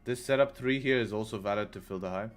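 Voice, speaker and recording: A man's voice: on the low side, fast. Laid-back man hosting a trading stream. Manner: laid-back, chatty, reads chat aloud. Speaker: live-stream trading host. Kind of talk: casual live-stream commentary. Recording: faint music behind.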